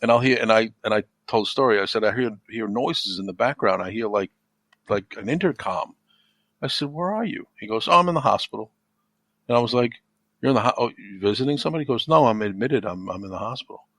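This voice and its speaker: A middle-aged man talks casually on a podcast in a fairly low voice. He rambles, repeats himself and gets animated as he retells stories. The recording is close and dry. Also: fast talker, dry recording. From United States. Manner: rambling, repeats words when emotional, animated when telling stories. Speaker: podcast guest. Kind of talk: casual chat.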